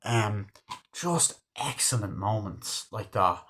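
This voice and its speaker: A man's voice: fairly low pitch, animated, takes it slowly, a bit bright. A man giving a casual, rambling film review, swearing freely as he retells scenes. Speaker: movie reviewer.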